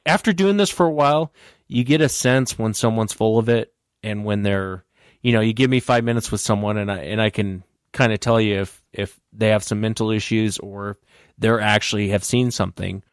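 A man hosting a podcast, chatting casually and retelling a listener's account with lively energy. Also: fairly low pitch, normal speed, smooth, no echo, clean studio sound. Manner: animated retelling of a caller's story. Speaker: podcast host. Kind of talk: casual interview chat.

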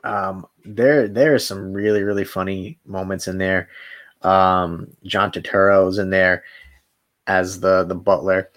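A man co-hosting a casual podcast, laughing often and retelling movie scenes with animated quoted lines. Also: deep voice, measured pace, highs cut off. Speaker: podcast co-host. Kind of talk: casual chat.

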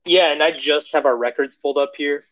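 A man co-hosting a podcast in casual sports chat, relaxed and joking, recorded on his phone. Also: fairly high pitch, fairly quick, dry recording, low-quality recording. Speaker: podcast co-host.

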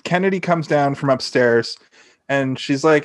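A young man with a fairly high voice chats loosely on a podcast, recapping an episode and swearing as he goes. He jumps into characters' lines with a quick raised voice. The sound is close and dry, with no room in it. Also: no echo. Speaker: podcast co-host. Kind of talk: casual chat recapping a TV episode.

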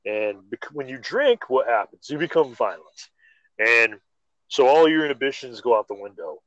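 Excitable man on slightly dull lo-fi audio. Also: mid-range voice, normal speed, no room sound. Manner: excitable, stammering restarts. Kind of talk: casual chat.

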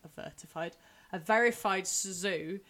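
A young woman, co-hosting a casual podcast chat while recovering from a cold that deepens her voice, chatty and laughing often. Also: measured pace, a bit bright. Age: young adult. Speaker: podcast co-host.

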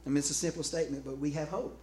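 A man preaching a sermon in an animated, conversational way, often restarting phrases and calling out to his congregation. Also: a little high, very fast. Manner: calls out to the congregation. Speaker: pastor. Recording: echoey room with faint background noise.

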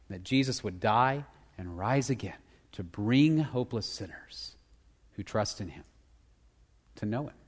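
A male pastor preaching a sermon, shifting between emphatic, loud passages and hushed, near-whispered lines. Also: on the low side. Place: church sanctuary. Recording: long hall reverb.

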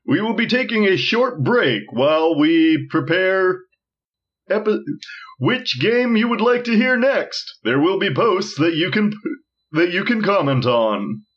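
A man as host making halting show announcements. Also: high voice, animated, fairly bright tone, highs cut off. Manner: halting, restarts lines.

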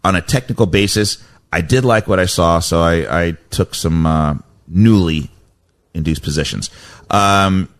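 A male radio host with a fairly low voice talks in a loose, rambling way, often restarting his sentences. He sounds like a relaxed studio chat about the markets. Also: a little slow. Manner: rambling, self-correcting, chatty. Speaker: radio host, stock advisor.

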